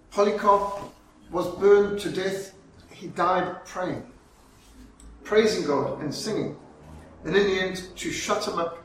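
A man preaching a sermon, telling a story dramatically and slowing down for emphasis. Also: sits high, a little hiss or hum. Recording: very echoey, from far off, faint ambience.

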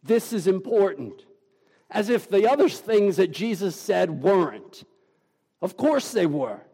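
Male pastor, unhurried emphatic sermon delivery, dark mellow tone. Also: high-pitched, sing-song, breathy edge, long reverb tail. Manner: emphatic, deliberate preaching with dramatic pauses.

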